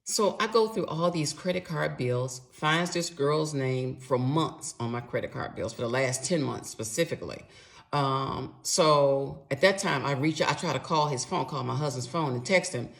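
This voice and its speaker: Middle-aged woman, gravelly fry in her voice, casual and emphatic storyteller who curses freely. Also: sits low, moderate pace. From Atlanta, USA. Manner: animated, emphatic, swears freely. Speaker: storyteller recounting personal experience.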